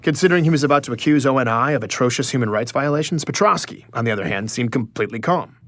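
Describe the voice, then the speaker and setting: A man's voice: mid-range voice, expressive, fast talker, a bit bright. An actor playing an anxious male journalist in an audio drama, narrating in first person and stammering when nervous.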